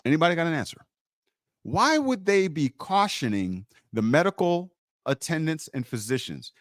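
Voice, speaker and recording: A man's voice: a little high, sing-song, normal speed, no echo, studio quality. A man teaching on a livestream in an emphatic way. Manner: emphatic, muttering while searching his screen.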